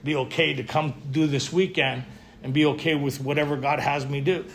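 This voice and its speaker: A man's voice: a little high, fairly even intonation, fairly quick. A man speaking casually to a group at a retreat, often checking in with his listeners. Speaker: recovery speaker at a men's retreat. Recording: faint room ambience and noise.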